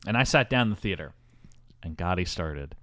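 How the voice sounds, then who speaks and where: A man hosting a podcast, telling a story in a mock-grandiose, animated way in casual chat. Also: deep voice, brisk, dry recording, clean studio sound. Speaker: podcast host.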